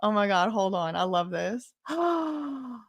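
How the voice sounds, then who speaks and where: Excitable woman hosting a livestream. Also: fairly low pitch, gravelly. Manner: excitable, gushing, quick shifts between chatty and emotional. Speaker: livestream host. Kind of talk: casual livestream chat reading donations.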